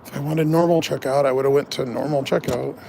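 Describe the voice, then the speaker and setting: A man's voice: medium pitch, steady tone, fairly quick, vocal fry, mellow, slight background noise. A man chatting casually in a vlog, grumbling and swearing as he tells a story and works outdoors by his vehicle. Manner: grumbling, swears a lot while ranting. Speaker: vlogger.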